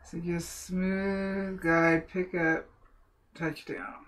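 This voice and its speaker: A woman's voice: on the low side, level tone, extremely slow, a bit bright. A woman hosting a casual livestream, chatty and teasing, laughing often while she works. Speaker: pyrography livestream host.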